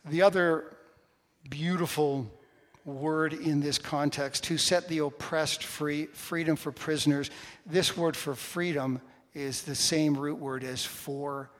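A male pastor preaching a sermon, telling a personal story with animated swings between loud and hushed delivery. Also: on the high side, unhurried. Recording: reverberant church hall.

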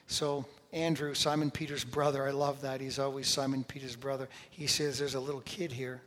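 A man preaching a sermon as a pastor, conversational at first and building to emphatic intensity. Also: mid-range voice. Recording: long hall reverb.

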